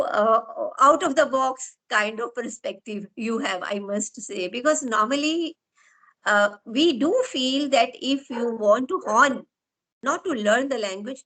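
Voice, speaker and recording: Middle-aged indian lady interviewing, bit high voice, rambles thoughtfully through her questions. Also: a bit bright, rough recording. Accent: Indian English. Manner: thoughtful, long winding questions with pauses. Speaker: interviewer, host of English-speaking sessions. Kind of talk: conversational interview.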